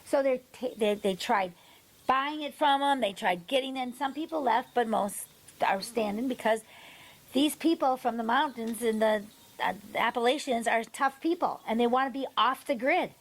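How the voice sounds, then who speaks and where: A woman hosting a podcast, telling stories in a lively way and acting out the people she quotes. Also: a little high, normal speed, low-quality recording. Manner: animated storytelling, acts out quoted people. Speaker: podcast host. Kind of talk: casual podcast chat.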